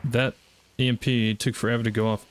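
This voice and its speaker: A gaming streamer with a Southern US accent chats casually on a live stream while playing, rambling with lots of fillers and restarts. His medium-pitched voice stays fairly flat and brisk.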